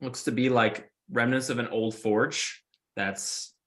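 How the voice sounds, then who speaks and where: A man's voice: mid-range voice, steady tone, slow pace, a bit bright. A man narrating as game master in a casual tabletop session, describing scenes with many fillers.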